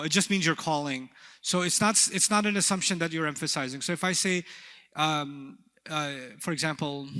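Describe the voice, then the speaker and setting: Man, Arabic teacher, animated lecture, bright tone, long hall reverb. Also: fairly high pitch. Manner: animated, playful, asks the class questions. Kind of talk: classroom lecture.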